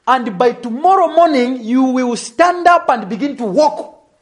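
A young adult man telling a testimony in a sermon, animated and laughing as he tells the story. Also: extremely high pitch, a little slow. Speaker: preacher.

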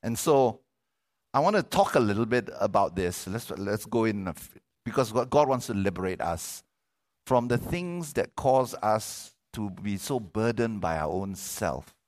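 A middle-aged male pastor preaching a sermon, animated, repeating words and asking for amens. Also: lowish voice, unhurried.

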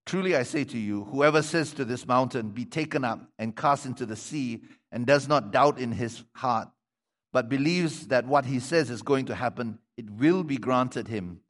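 A man's voice: mid-range voice, normal speed. A pastor preaching a sermon, reading scripture aloud and breaking off to comment to his congregation. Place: church sanctuary. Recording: long hall reverb.

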